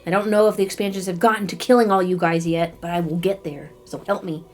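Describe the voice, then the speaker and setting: A woman streamer giving casual game commentary in an animated, exclaiming way. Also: lowish voice, fast.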